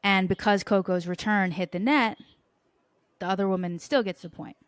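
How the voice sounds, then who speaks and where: A woman hosting a podcast, telling sports stories in an animated, playful and profane way. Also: medium pitch, moderate pace, no room sound. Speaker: podcast host. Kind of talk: casual sports chat.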